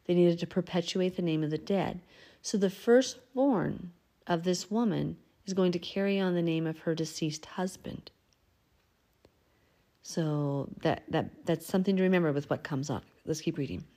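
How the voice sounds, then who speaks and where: Woman doing a laid-back bible study, reads a verse then chats about it, mellow lowish voice. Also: normal speed. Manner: reads verses aloud, then explains them chattily; acts out the figures' lines in an everyday voice. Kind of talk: casual scripture reading and commentary.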